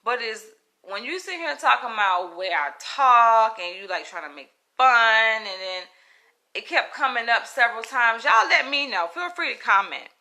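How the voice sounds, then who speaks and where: A woman talking straight to her viewers in a casual livestream, blunt and animated. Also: fairly high pitch, normal speed. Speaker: livestream host.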